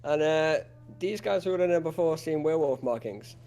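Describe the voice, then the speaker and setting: A man with a slightly high voice plays a tabletop game with friends. He talks in a hesitant, chuckling way, stopping often on fillers. Soft music runs under the voice-chat sound. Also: expressive, brisk. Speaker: player. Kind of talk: casual tabletop game play.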